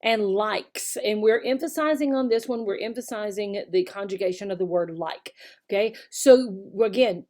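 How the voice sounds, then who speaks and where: A woman teacher explaining how to teach slides. She speaks patiently, checks in with "okay?" and says key words slowly and clearly. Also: medium pitch, a little mellow. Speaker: online English teacher.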